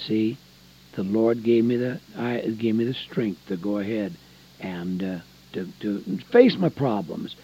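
A man preaching a folksy sermon, dropping to soft low asides and rising to emphatic points. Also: sing-song, measured pace, breathy edge. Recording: dull lo-fi recording.

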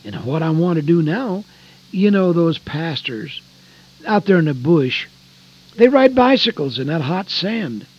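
Older man, folksy radio sermon, husky voice, highish lively pitch, dull lo-fi sound. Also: unhurried. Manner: folksy, emphatic, swings between loud and hushed. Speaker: radio preacher.

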